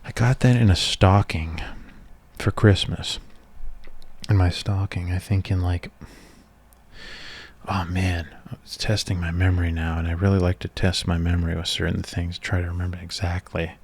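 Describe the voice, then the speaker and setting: A man, talking in a soft-spoken ASMR chat, rambling and casual as he reminisces. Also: sits low, flat delivery, normal speed, husky. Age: 30s. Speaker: ASMR creator.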